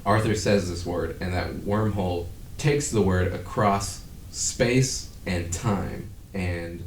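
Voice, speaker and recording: A podcast host with a low voice who chats in a loose, rambling way and swears freely. The recording sounds echoey, as if made in a bare room, with faint background noise. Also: male voice, slow, far from the mic. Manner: rambling, profane, breaks into laughter. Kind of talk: casual chat.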